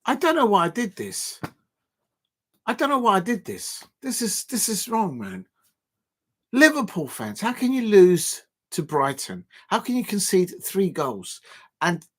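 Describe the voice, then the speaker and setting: Animated, exasperated football watch-along host. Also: male voice, sits high. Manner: animated, exasperated ranting at rival fans, bursts into shouting.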